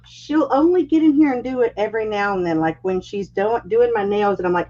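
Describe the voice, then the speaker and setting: A woman's voice: medium pitch, fairly quick, few pauses, dull audio. A middle-aged woman chatting as a guest on a livestream, telling family stories and acting out what people say. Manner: animated storyteller, acts out family quotes. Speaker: guest craft creator. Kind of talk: casual livestream chat.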